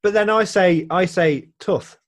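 A man's voice: a little high, fairly quick, darkish tone. A man with a West Midlands accent chatting casually and playfully teasing about pronunciation. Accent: West Midlands English. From Redditch area, England. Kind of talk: casual chat.

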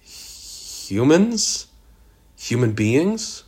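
A man's voice: mid-range voice, big pitch swings, extremely slow, darkish tone, breathy edge, voice pushed up, heavily acted. A man voicing a frightened, indignant man, raising his voice in alarm. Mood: horrified. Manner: alarmed, pressing questions. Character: nervous young man, shaken and indignant.

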